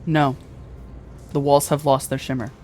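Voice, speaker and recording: A man's voice: mid-range voice, level tone, unhurried, a little mellow, faint music behind. Man narrating a tabletop game. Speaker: game master.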